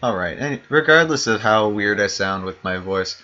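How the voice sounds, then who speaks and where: A man's voice: lowish voice, animated, normal speed, hardly any pauses, bright, forceful tone, muffled recording. A man casually commenting on his game play, rambling and correcting himself as he goes. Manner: rambling, self-correcting, chuckling asides. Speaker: gaming channel host.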